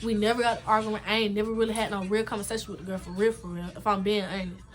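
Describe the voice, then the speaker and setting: A young woman vlogger telling a story from her own life in an animated, emphatic and slangy way. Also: mid-range voice, rapid-fire. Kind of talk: story time vlog.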